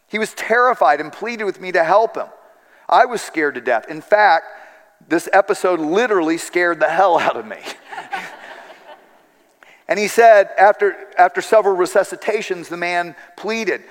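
A man's voice: high-pitched, normal speed, in a large hall. A middle-aged man preaching a sermon, telling stories with rising emotional emphasis.

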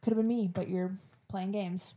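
A young woman with a Florida accent, talking loosely and jokingly as a podcast co-host from a home setup. Her voice sits at an ordinary pitch, and she scatters "like" and "um" through her casual chat. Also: steady tone, moderate pace, warm tone. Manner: chatty, jokey, peppered with "like" and "um".

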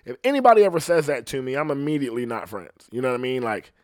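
A man's voice: mid-range voice, very animated, fast talker, a little mellow, dry recording, studio quality. A man with a slight lisp, hosting his own podcast in a casual, rambling solo monologue full of swearing. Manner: profane, rambling rant. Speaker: podcast host.

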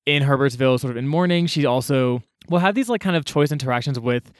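A man's voice: medium pitch, fast talker, no room sound, clean studio sound. A man co-hosting a casual book-discussion podcast, retelling the plot with many "like" fillers and acting out the characters' lines. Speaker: podcast co-host.

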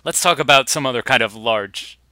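A man's voice: mid-range voice, fairly quick, pushed and bright, dry recording. A man from the Boston area co-hosting a podcast, chatting casually with dry, teasing humor. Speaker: podcast co-host. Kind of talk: casual chat.

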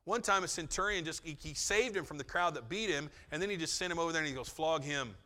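Male pastor, slightly high, bright tone, chatty sermon with jokes, long hall reverb. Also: quick pace. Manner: conversational, joking asides, acts out quotes.

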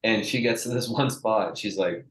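A young man with a lowish voice spins a rambling, profane story, acting out what everyone said. He talks casually as a strength coach would with a friend, and the room gives his voice a noticeable echo. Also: moderate pace. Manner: animated, profane, acts out quotes.

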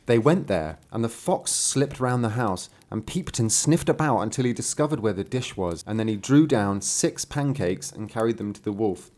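A man's voice: lowish voice, animated, moderate pace, few pauses, darkish tone. Playful man reading a fairy tale aloud. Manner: playful, joking asides. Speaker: storyteller.

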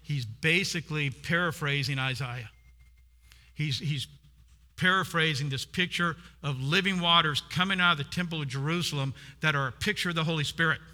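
A man's voice: a little high, normal speed, pushed and bright. A man preaching a sermon, retelling a scripture story and acting out its people. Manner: storytelling, acts out the woman's voice. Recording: long hall reverb.

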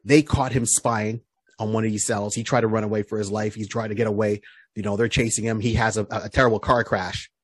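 A man's voice: on the low side, fairly even intonation, fast, slightly rough, no echo, clean studio sound. A man co-hosting a podcast, casually recapping a comic book hero's story, rambling with lots of fillers and restarts. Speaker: podcast co-host.

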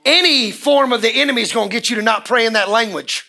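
A man preaching a fiery sermon as pastor at a church service, often shouting and repeating key words. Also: very high voice, fast, vocal fry.

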